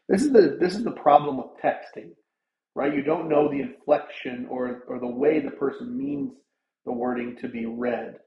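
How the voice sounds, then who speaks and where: A man's voice: on the high side, normal speed. A man preaching a sermon with earnest, conversational emphasis, his voice lifting when he drives a point home. The room around him is echoey, and the sound is a bit dull and muffled. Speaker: pastor.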